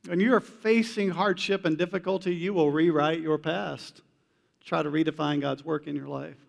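A male pastor preaching a sermon in a conversational way, with casual slang, moving between hushed and emphatic delivery. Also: fairly high pitch, fairly even intonation, normal speed, creaky, big-room sound.

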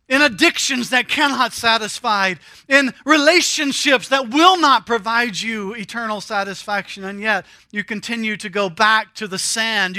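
A man, a pastor preaching a sermon that asks the listener questions and drops at times to a hushed, close tone. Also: extremely high pitch, no echo.

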